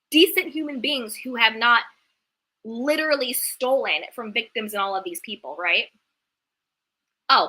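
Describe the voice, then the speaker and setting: A woman hosting a reality TV recap, ranting in an indignant, animated way and dropping a lot of "like" as she goes. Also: a little high. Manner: indignant, animated, talks fast with filler "like". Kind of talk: heated commentary rant.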